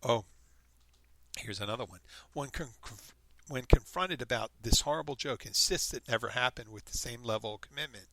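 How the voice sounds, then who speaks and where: A man hosting a solo podcast, reading a story aloud with animated, mocking put-on quotes. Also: medium pitch, normal speed, no echo. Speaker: podcast host.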